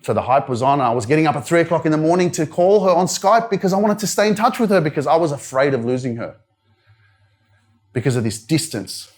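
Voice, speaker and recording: Young Australian motivational speaker, candid and loose, filler-heavy storytelling at a live event. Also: male voice, fairly high pitch, lively intonation, quick pace. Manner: candid storytelling, frequent "like" and "you know" fillers. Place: wellness centre event room.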